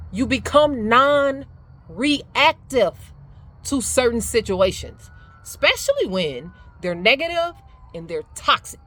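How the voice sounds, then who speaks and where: Woman, middle-aged, casual motivational talk, emphatic, animated, laughs often. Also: on the high side. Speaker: speaker sharing life advice.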